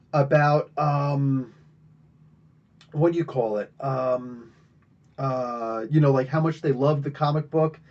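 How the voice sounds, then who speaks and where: Podcast host, man from Jersey, a bit high-pitched, loose and rambling, muffled lo-fi recording. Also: a little mellow. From New Jersey. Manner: rambling, chatty, many fillers. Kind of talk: casual monologue.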